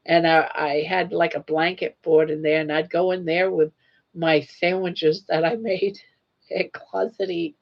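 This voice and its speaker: A woman's voice: fairly low pitch, fairly even intonation, a little slow, gravelly, muffled recording. An older woman hosting a casual livestream, telling stories in a chatty way and laughing often. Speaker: livestream host. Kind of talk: casual chat.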